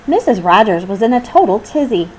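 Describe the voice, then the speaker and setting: A woman reading a children's storybook aloud as host of her channel, in gentle, measured narration. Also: mid-range voice, big pitch swings, slight background noise, low-quality recording. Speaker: storybook reader.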